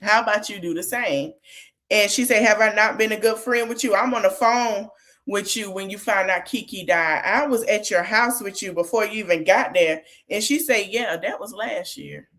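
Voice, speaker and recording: A woman's voice: medium pitch, moderate pace, fairly bright tone. A woman hosting a podcast, retelling a reality-show argument in casual chat and quoting each person in turn. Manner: retells a scene in quotes, chatty and candid. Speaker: podcast host recapping reality TV. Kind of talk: casual recap monologue.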